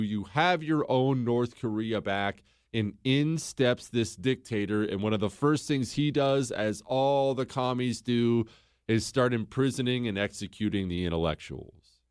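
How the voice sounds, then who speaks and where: An American man hosts a casual history podcast, recounting events with sarcastic asides and animated performances of quoted lines. His voice is mid-range, and the studio-quality recording has no room sound.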